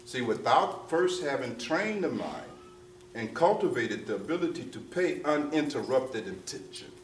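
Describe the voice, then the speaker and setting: A man's voice: medium pitch, sing-song, moderate pace, a little hiss or hum. A man giving a spiritual discourse to a gathered audience, emphatic and repetitive, often asking "you see?" and slipping into street slang. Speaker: spiritual teacher. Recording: roomy distant mic with faint ambience.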